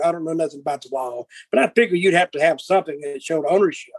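A man's voice: fairly high pitch, animated, quick pace, hardly any pauses, slightly rough, no room sound, rough recording. An older man telling blunt, profane stories and acting out old arguments. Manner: profane, blunt, acts out quarrels in dialogue. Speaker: guest. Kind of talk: casual storytelling.

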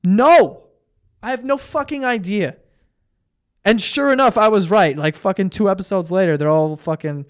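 A man's voice: sits high, normal speed, smooth. A young man hosting a solo podcast, ranting profanely and mocking people in put-on voices. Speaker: podcast host. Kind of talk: solo comedic podcast rant with ad read.

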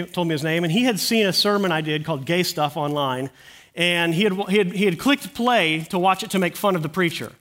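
A man's voice: a little high, fairly bright tone. A middle-aged man preaching a sermon in church, earnestly telling stories and quoting the people in them. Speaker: pastor.

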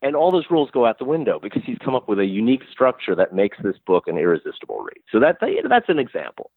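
A man talking as a guest in a conversational interview, animated and chatty with wry asides. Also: medium pitch, quick pace, husky, dry recording, narrow, tinny audio. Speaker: guest, crime fiction publisher and writer.

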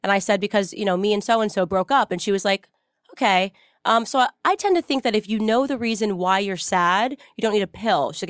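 Fast-chatting female host, lively storyteller, close dry mic. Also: mid-range voice, dry recording. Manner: animated storyteller, many fillers. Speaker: podcast host. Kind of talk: casual interview chat.

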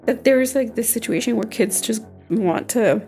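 A woman's voice: on the high side, moderate pace, a little mellow, faint music behind. A young woman co-hosting a podcast, chatting casually with many fillers and restarts. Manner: conversational, loose, with frequent fillers and restarts. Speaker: podcast co-host. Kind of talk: casual chat.

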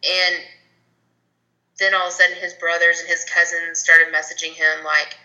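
A woman in casual chat, chatty and quick to affirm what others say. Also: fairly low pitch, flat delivery, bright, forceful tone, muffled recording.

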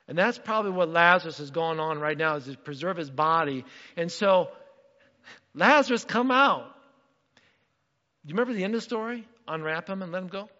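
A man preaching a sermon as pastor, animated and acting out the voices in the story. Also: high-pitched, big-room sound, highs cut off. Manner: animated, acts out quotes.

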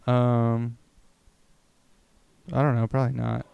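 A young man chatting on a podcast and reading jokes aloud in a low-key, casual way. His voice has a gravelly, fry-heavy texture and stays even and flat in pitch. A faint hiss sits behind him. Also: slow pace, highs cut off. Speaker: podcast co-host. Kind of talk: casual chat.

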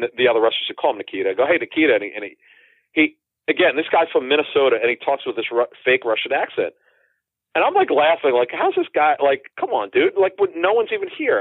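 Over a tinny, dry phone connection with no echo, a man in his forties, a guest with football inside knowledge, rambles through stories in a casual interview. He keeps restarting and going off on asides, speaking at a medium pitch.

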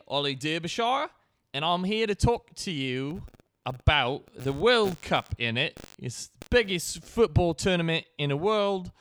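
Man playing an excitable English football fan, put-on English accent that drifts around, bright and crisp, rambling chatter. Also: a little high, dry recording, voice pushed up. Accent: put-on English, wandering between regions.

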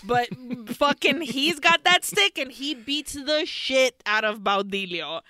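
A woman's voice: sits high, takes it slowly. A woman co-hosting a podcast, animatedly retelling a film plot with lots of swearing and bits of Spanish. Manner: animated, profane storytelling with Spanish slipped in. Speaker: podcast co-host. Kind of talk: casual film recap.

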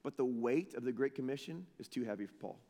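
A man preaching a sermon as pastor, swinging from shouted lines to hushed ones and acting out the people he quotes. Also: mid-range voice, expressive, fast, big-room sound.

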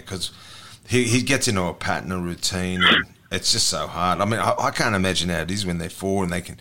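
Gravelly deep Australian man in his forties. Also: a little fast, hardly any pauses, heavy background noise. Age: 40s. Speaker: host. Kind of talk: casual interview chat.

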